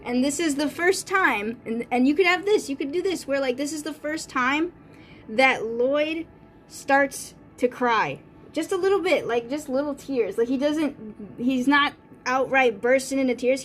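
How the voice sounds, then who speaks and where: A woman with a high-sitting voice streams as an artist, casually rambling with lots of fillers and restarts and dropping quick quoted voices. The livestream chat carries a little hiss or hum.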